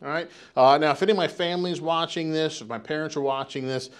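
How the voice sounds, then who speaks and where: A middle-aged American man delivers a sermon in a loose, chatty way, circling back on himself and checking in with "right?" as he goes. His voice sits somewhat high for a man. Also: fast talker, smooth. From United States. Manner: conversational, rambling with many restarts and "right?" tags. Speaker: pastor.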